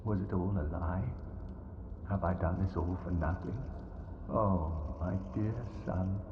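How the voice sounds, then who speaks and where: A broken, grieving knight, low and slow, his voice mournful and halting. The game audio sounds dull and echoey, with noise underneath. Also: steady tone. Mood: despairing. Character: despairing middle-aged knight, broken and grieving. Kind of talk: game dialogue.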